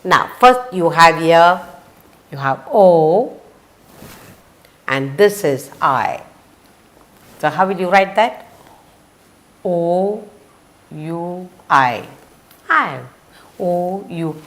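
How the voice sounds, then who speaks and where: A woman's voice: lowish voice, lively intonation, a bit bright. A woman with an Indian English accent teaching a vocabulary lesson for children, spelling letters out and repeating each word. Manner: slow, sing-song, repeats words and spells letters.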